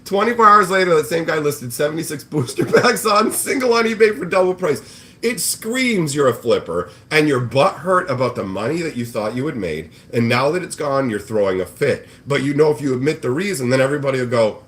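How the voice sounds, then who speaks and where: A man hosts a casual livestream about card games and rants at length in a profane, exasperated tone. His pitch swoops up and down a lot as he mocks people with squeaky put-on voices. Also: expressive, a little fast, fairly bright tone. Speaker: card game show host. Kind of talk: ranting livestream chat.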